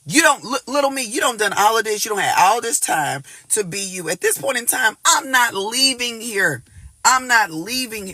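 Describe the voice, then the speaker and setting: A man with a high, very bright voice gives a casual tarot reading to his viewers. He talks in an animated rush, swears often and circles back over his own words. The sound is close and dry. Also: dry recording. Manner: animated, cursing, repeats words and phrases. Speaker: tarot reader.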